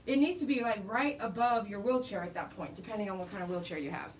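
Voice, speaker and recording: A middle-aged woman and dog groomer chatting casually while she grooms, telling animated stories and laughing often. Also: mid-range voice, quick pace, few pauses, distant mic, low-quality recording. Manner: chatty, animated storytelling with quoted voices.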